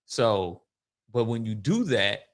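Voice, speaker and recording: A man co-hosting a podcast in casual chat, telling stories with animation and laughing often. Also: slow pace. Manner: animated storytelling, rising high when worked up, laughs often. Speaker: podcast co-host.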